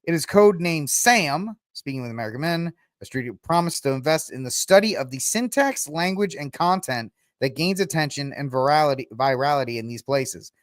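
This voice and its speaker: A man's voice: on the high side, lively intonation, brisk, hardly any pauses, dry recording, clean studio sound. A man hosting a podcast, talking through the news in a rambling, sarcastic way and laughing at his own jokes. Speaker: podcast host. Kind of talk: casual political commentary.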